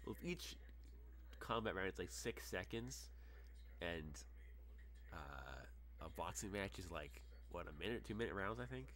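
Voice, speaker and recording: Low-voiced young man running a game. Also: lively intonation, fairly bright tone. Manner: halting, filler-heavy narration. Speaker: game master. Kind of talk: narrating a tabletop game.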